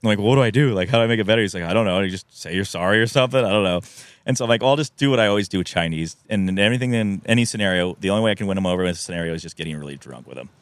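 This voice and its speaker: Deep-voiced guy rattling off a story quick, does the voices, laughs a lot. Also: no echo. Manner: animated storyteller, acts out quotes, laughs often. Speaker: podcast guest. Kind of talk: casual storytelling. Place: podcast studio.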